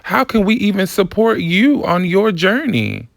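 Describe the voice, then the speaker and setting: A woman's voice: mid-range voice, big pitch swings, unhurried, gravelly, dry recording, clean studio sound. A woman vlogger delivering a casual commentary rant, sassy, blunt and profane.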